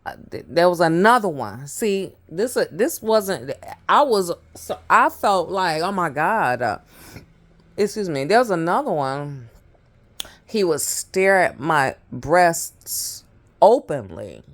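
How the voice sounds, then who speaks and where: A woman's voice: lowish voice, big pitch swings, slow pace. A woman vlogger telling a personal story to her viewers, chatty and laughing often, with many fillers and asides. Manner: addresses viewers directly. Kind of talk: storytelling monologue.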